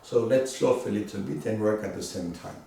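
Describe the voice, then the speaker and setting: A man giving a live demonstration lesson as a teacher, animated and coaxing, in a room at home. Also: on the low side, brisk, gravelly. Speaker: echolocation teacher. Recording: very echoey room, far from mic.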